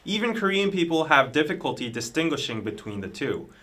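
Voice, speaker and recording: A man with a slightly higher voice reads a scripted explainer in a measured way. His pitch moves a lot as he explains each point. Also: very animated, pushed and bright. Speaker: explainer narrator. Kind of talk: scripted narration.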